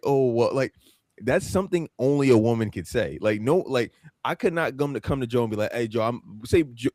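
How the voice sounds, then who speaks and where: A man's voice: medium pitch, a little mellow, no echo, clean studio sound. Rambling male podcast co-host. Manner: loose and rambling, full of "like" fillers. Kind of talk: casual chat.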